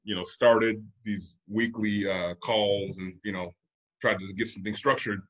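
Man in his thirties, bright tone, hesitant casual talk, dull lo-fi audio. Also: lowish voice, fairly even intonation, a little slow. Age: 30s. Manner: rambling, hesitant storytelling with filler. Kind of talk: casual chat.

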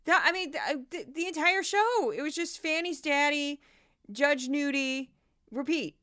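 A woman's voice: high voice, unhurried, fairly bright tone, no room sound, clean studio sound. A woman in her forties hosting a podcast, giving casual, sarcastic and exasperated commentary on news clips. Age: 40s. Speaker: podcast host.

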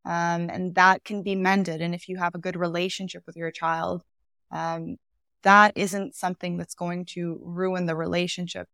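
A woman hosting an interview, offering her own thoughts in a relaxed, filler-heavy way. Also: fairly low pitch, normal speed, clear, resonant tone, dry recording, studio quality. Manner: thoughtful, with many fillers like "you know" and "um". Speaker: podcast host. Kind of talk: conversational interview commentary.

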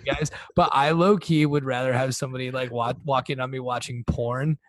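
Relaxed man co-hosting a podcast. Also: medium pitch, brisk, dry recording. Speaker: podcast co-host. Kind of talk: casual chat.

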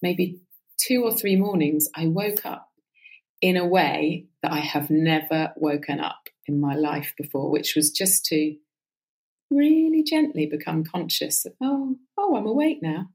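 Low-voiced reflective woman, casual. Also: a little slow, low-quality recording. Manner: reflective, animated, swears casually, frequent fillers. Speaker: podcast guest. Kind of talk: casual conversation.

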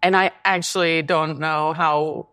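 A woman's voice: deep voice, steady tone, a little slow, fairly bright tone, clear, resonant tone. A woman who is a baker and guest, explaining things in an easygoing, conversational way. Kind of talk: casual interview conversation.

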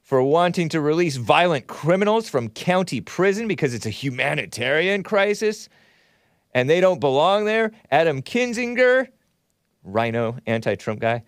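Smooth-voiced sardonic male talk host. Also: on the high side, no echo, clean studio sound. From Southern California. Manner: sardonic, wry asides with chuckles. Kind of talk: casual commentary reading viewer messages.

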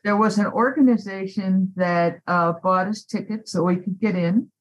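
A woman at an ordinary mid pitch tells a story with lively, emphatic energy. She is an activist guest on an interview podcast and leans hard into the key moments. Her voice rises when the story gets exciting. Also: moderate pace, lo-fi sound, slight background noise.

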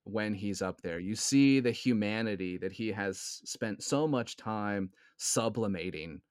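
Man, low voice, podcast co-host, earnest film talk, keeps asking "right?", dry mic. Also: a little slow, darkish tone, no room sound. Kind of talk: casual film discussion.

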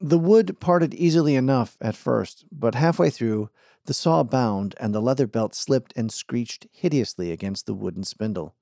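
A man narrating an audiobook in a measured, even storytelling manner. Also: mid-range voice, creaky, no room sound, studio quality. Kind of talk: scripted narration.

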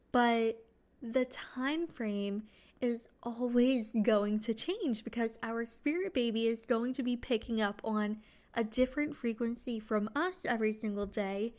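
A young adult woman hosting a solo podcast, talking in an earnest, chatty way with small restarts. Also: on the high side. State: excited, just home from work. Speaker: podcast host.

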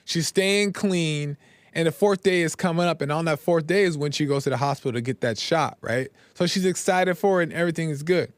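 A man's voice: fairly high pitch, a little fast, no echo. A man hosting a podcast, talking casually about faith and struggle, often checking in with "right?" and retelling scenes in his own words. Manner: retells scenes with loose quoted dialogue. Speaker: podcast host. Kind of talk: casual spiritual talk.

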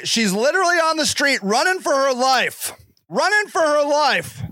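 High lively guy ranting on his podcast, sarcastic and angry, dry close mic. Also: no room sound. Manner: passionate, sarcastic, indignant. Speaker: podcast host. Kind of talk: ranting monologue.

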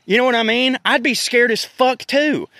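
Guy, pretty high pitched, dry close mic, profane animated rant. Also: normal speed, gravelly, dry recording. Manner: profane and animated, puts on voices for quotes. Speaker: podcast host. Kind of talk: casual rant.

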